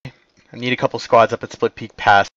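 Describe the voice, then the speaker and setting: A man's voice: mid-range voice, flat delivery, normal speed, fairly bright tone, dry recording, dull audio. A man commanding teammates over game voice chat in clipped, radio-style orders. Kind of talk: voice comms, giving orders.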